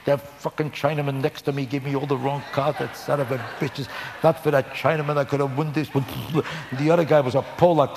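A man's voice: fairly high pitch, a little mellow, slight background noise. A man doing a stand-up routine, kvetching and ranting with Yiddish words. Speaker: stand-up comedian.

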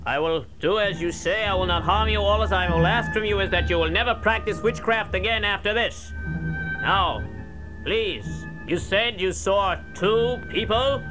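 A man's voice: sits high, sing-song, moderate pace, music in the background, rough recording. A man playing a stammering, nervous king. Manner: stammering, defensive.

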